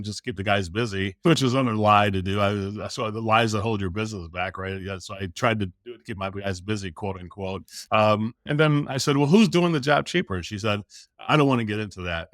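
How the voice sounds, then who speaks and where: A man's voice: on the low side, no echo, studio quality. A middle-aged American man, a sales coach, telling a story in a podcast interview, acting out the voices and swearing casually. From United States. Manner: animated storytelling, acts out quoted dialogue, casual swearing.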